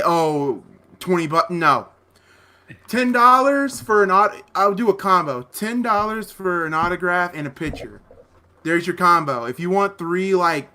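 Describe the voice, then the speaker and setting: A man's voice: high-pitched, sharp tone. A man hosting a livestream, chatting casually and animatedly, laughing often. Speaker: livestream host.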